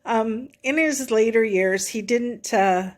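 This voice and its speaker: A woman's voice: on the high side, slow pace. A middle-aged woman, telling a personal story in a chatty, rambling way to a vlog audience. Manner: chatty, rambling retelling with many "I said". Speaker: vlogger. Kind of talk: casual storytelling.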